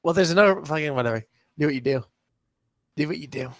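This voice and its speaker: A sarcastic male podcast co-host who swears freely, his voice a touch high and lively in pitch. He is recorded on a dry close mic with no room sound. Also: fast, dry recording. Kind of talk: casual podcast chat.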